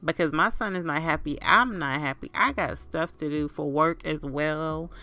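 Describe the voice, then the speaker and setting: Gaming host, woman, lower voice, casual running commentary with faint game music underneath. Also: moderate pace, pushed and bright. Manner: chatty, talks to her game characters like family. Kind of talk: casual life-sim gameplay commentary.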